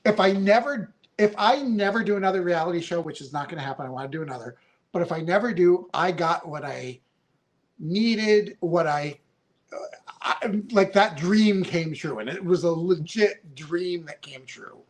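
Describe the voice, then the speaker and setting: Male guest, fifties, high voice, chatty and heartfelt, rambling with fillers. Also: moderate pace. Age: 50s. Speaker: reality show contestant guest. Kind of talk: casual podcast interview.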